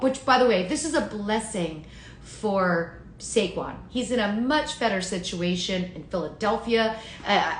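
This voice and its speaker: A woman's voice: medium pitch, a bit bright, echoey room, a little hiss or hum. A woman hosting a casual live stream on her phone, chatting and answering viewers' comments by name. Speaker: livestream host reading chat.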